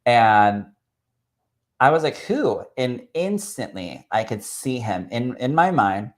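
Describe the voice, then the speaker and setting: A man, a spirit medium, sharing a personal story in an expressive, chatty way that swells with emotion. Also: medium pitch, slow pace. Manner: expressive and chatty, full of "like" and "literally".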